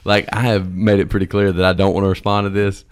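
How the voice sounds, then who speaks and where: Low-voiced teasing man. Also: fast, clear, resonant tone, no echo. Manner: teasing, laughs often, deadpan "okay". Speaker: podcast host. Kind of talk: casual chat.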